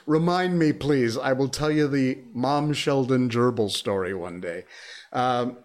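A man's voice: mid-range voice, slow. A man live streaming from his desk at home, chatting casually into a desk microphone with a rambling, chuckling, anecdotal manner. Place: home desk with a squeaky chair.

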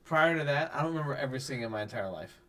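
A man guesting on a podcast in casual chat, bemused and a little crude. His voice sits in a middle pitch and he talks at a quick clip. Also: expressive, fairly bright tone. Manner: crude, bemused, fast-talking.

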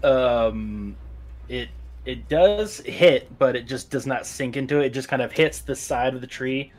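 A man's voice: mid-range voice, measured pace. Casual man running a tabletop game. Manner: casual, with many fillers and restarts. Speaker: game master.

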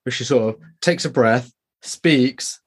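A man's voice: mid-range voice, slow. A man with an East Midlands English accent, co-hosting a podcast in a teasing, casual chat. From Nottingham, England. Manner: lively, teasing. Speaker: podcast co-host.

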